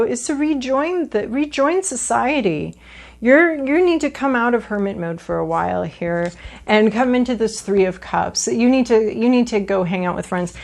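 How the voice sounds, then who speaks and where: A woman talks through a tarot reading in a loose, casual way, circling back with fillers and restarts and tossing in playful asides. Her voice has a gravelly edge. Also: medium pitch. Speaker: tarot reader.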